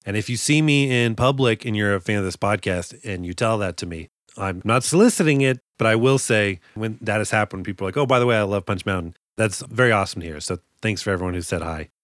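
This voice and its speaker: A man's voice: on the low side, lively intonation, fast, hardly any pauses, a bit bright, no room sound, clean studio sound. A man co-hosting a podcast, telling stories in a joking, self-deprecating way. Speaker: podcast co-host. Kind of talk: casual chat.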